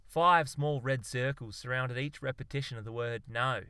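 A man's voice: mid-range voice, normal speed, hardly any pauses, sharp tone, clean tone, no echo. A man narrating a comic story in a dry, wry way. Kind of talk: audiobook narration.

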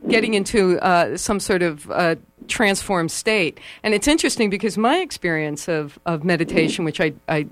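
An interviewer talking casually, halting with many uhs and restarts. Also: medium pitch, lively intonation, a bit bright, no room sound.

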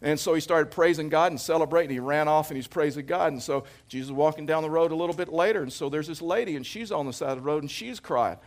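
Pastor with a fairly high, conversational voice. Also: male voice, fast, few pauses. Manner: conversational, anecdotal preaching with jokes; emphatic, repeats phrases for effect. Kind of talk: sermon.

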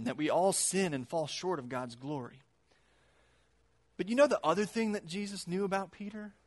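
A man giving a casual, conversational sermon, animated and acting out quotes in his retelling. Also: high-pitched.

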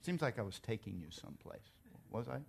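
A man's voice: on the low side, fairly quick, creaky, a little hiss or hum. A man preaching a sermon as pastor, emphatic and conversational, telling stories and joking with his congregation. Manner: animated storytelling, emphatic.

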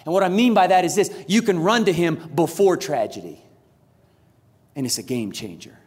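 A pastor in his thirties preaches to a crowd. His voice sits a little high and turns animated as he acts out the people in his story. The sound rings out with the long reverb of a large hall. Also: moderate pace, slightly rough. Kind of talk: sermon.

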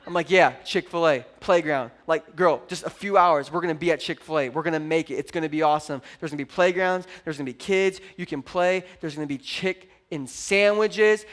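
A high-pitched man in his thirties delivers a sermon as a pastor. He tells stories with animated energy, dropping low and quiet, then surging loud and excited as he urges the crowd on. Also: a little fast, few pauses. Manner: animated storytelling, acts out his daughter's voice.

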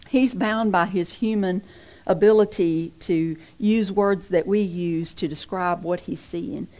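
A woman's voice: medium pitch, warm tone. A middle-aged woman, a preacher's wife, delivering an emphatic, repetitive and impassioned sermon.

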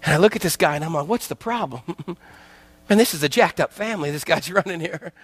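A man's voice: on the high side, quick pace, breathy edge, dry recording. A man preaching a sermon as a guest speaker, telling a parable with acted-out voices and joking with the congregation. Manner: storytelling, acts out parable voices, jokes with congregation.

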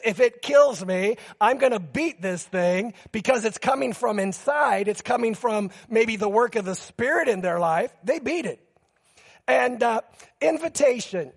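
A man preaching a sermon as pastor, telling stories with quick asides and acting out the quotes in lively bursts. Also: high voice, gravelly. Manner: animated storytelling with quick asides and acted-out quotes.

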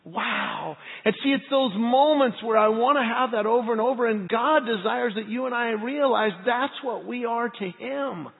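A middle-aged man, a pastor, preaching a sermon and telling personal stories in a lively, earnest way. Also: extremely high pitch, moderate pace, vocal fry, hardly any pauses. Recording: tinny phone-like sound with long hall reverb.

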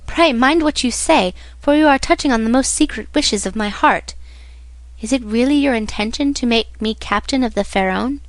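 A woman's voice: fairly high pitch, normal speed, dry recording, lightly acted. A woman reading an eager young sailor. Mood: earnest. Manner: polite, respectful, eager.

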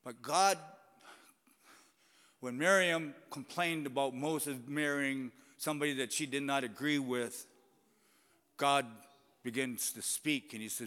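Animated preacher with a bright, ringing voice. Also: male voice, mid-range voice, unhurried, pauses often, clean tone. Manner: animated and conversational, swinging between loud and whispered. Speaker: pastor. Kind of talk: sermon. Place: church sanctuary. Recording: long church reverb.

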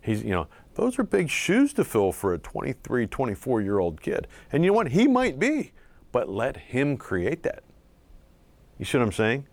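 A middle-aged man from southeastern Pennsylvania, a former pitcher recalling his career in an interview, halting and full of fillers. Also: huge pitch swings, a little mellow, no room sound. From southeastern Pennsylvania, USA. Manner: halting, many fillers and restarts, reflective. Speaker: former pro pitcher, guest. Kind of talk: casual interview storytelling.

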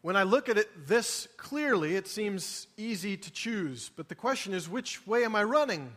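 A man with a high voice preaches a sermon, earnest and pleading. He drops to quiet reflection, then builds to emphatic appeals. The sound rings with the long reverb of a large sanctuary. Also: animated, moderate pace. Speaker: pastor.

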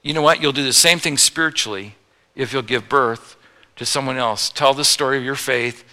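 A man's voice: medium pitch, normal speed, bright, forceful tone. A man preaching a sermon as pastor, telling humorous stories and acting out what people say. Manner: humorous storytelling preacher, acts out quotes. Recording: long hall reverb.

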